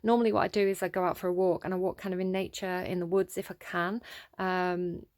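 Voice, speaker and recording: A woman giving a casual tarot reading, thinking aloud with many ums and restarts and growing excited over the cards. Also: on the low side, a little fast, no echo, clean studio sound. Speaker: tarot reader.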